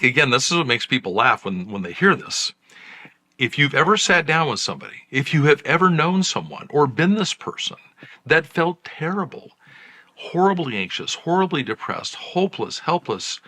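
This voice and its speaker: Bright-voiced man talking frankly. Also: medium pitch. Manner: conversational, emphatic, with rhetorical questions. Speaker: psychiatrist, channel host. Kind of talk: direct-to-camera commentary.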